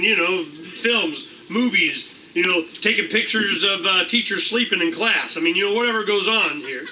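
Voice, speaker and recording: A middle-aged man holds forth to a meeting in a loose, rambling way, tossing in casual swearing. His voice sits high and very bright. He is heard from a distance, with faint room noise behind him. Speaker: host of a liberty meeting. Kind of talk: animated casual talk to a room.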